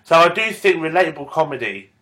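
A man, a stand-up comic chatting casually on a podcast, sweary and animated, jumping into high put-on voices for characters. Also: fast talker. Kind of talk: casual chat with improvised stand-up.

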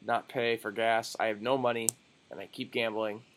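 A young man co-hosting a casual sports podcast, excitable and jokey, swearing often. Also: lowish voice, moderate pace. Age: young adult. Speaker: podcast co-host.

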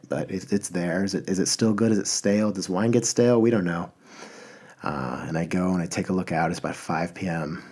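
Husky low-voiced man rambling on a podcast. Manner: rambling, enthusiastic, many fillers and restarts. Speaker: podcast host. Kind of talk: casual podcast monologue.

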